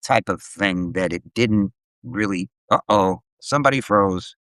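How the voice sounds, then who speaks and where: A man's voice: low-pitched, a little slow, no echo. A middle-aged man telling stories in casual chat, swearing freely and acting out the voices of people in them. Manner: animated, profane storyteller acting out quotes. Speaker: live stream host.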